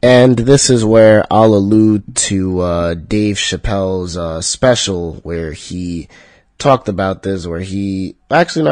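Low-voiced man ranting profanely. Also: no room sound. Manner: profane, heated ranting that spikes high and loud. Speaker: podcast host. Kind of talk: solo podcast monologue.

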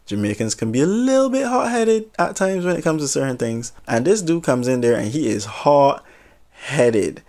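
A man telling a story in a casual, chatty way, full of asides and animated commentary. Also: a little high, normal speed.

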